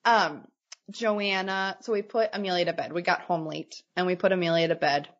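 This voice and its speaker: A woman co-hosting a podcast who tells family stories in a lively casual chat. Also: on the low side, normal speed, dull audio. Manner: animated storyteller, acts out her daughter's lines. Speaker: podcast co-host.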